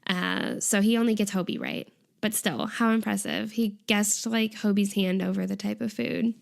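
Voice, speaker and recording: A young woman in a relaxed co-hosted chat, walking through scenes from a variety show. She talks in a loose, chatty way, dropping fillers and laughing at the funny parts. Her voice sits at an ordinary middle pitch. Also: normal speed, creaky. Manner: chatty, giggly, lots of "like" fillers. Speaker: podcast co-host.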